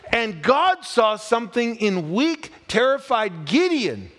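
A man's voice: high voice, fairly bright tone. A man preaching as a guest in a church, conversational and joking with the congregation, with emphatic points. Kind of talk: sermon. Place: church sanctuary.

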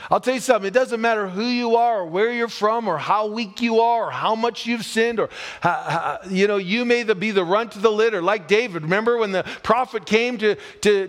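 A man preaching as a guest in a church, conversational and joking with the congregation, with emphatic points. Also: sits high. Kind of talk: sermon. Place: church sanctuary.

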